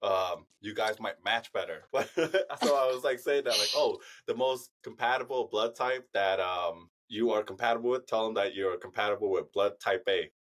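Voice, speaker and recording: A man's voice: on the low side, moderate pace, hardly any pauses, fairly bright tone. A man in his thirties, a podcast co-host telling funny stories in casual chat, laughing often.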